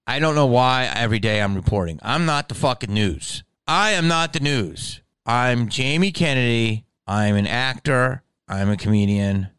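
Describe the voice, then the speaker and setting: A male comedian rants straight to camera in a comedic monologue, profane and animated. His voice is smooth and clear, and the recording is dry and close. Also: mid-range voice, moderate pace, hardly any pauses, no room sound.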